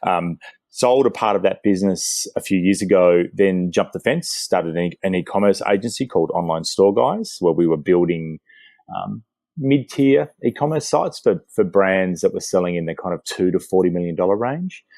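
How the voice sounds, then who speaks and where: A middle-aged man with an Australian accent, introducing himself as a guest with a relaxed delivery and frequent pauses. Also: sits low, no room sound. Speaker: interview guest, retail expert. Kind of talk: self-introduction in an interview.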